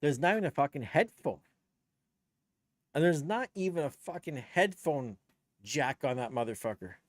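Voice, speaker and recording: A man's voice: a little high, expressive, normal speed, no echo, clean studio sound. A man, a DJ chatting on his live stream in a blunt, rambling, profane way. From Canada. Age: 50s. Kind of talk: casual live-stream chat.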